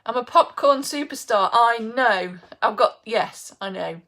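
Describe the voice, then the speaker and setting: Middle-aged english lady chatting away on her live bake-along, bit high, laughs a lot. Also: a little slow, fairly bright tone. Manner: chatty, greets viewers by name, laughs often. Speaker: live baking host. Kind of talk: casual live-stream chat.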